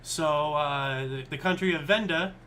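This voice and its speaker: A man's voice: on the high side, measured pace, sharp tone. Man, casual history chat, rambling, faint hiss. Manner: rambling, chatty, thinks aloud. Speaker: co-host.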